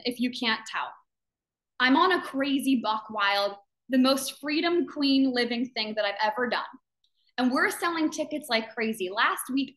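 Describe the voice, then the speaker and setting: A woman's voice: a little high, a bit bright. A woman who founded a business community, giving a fervent motivational talk to its members on a live video call. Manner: fervent, emphatic, repeats phrases for emphasis; acts out other people's doubting voices in quotes.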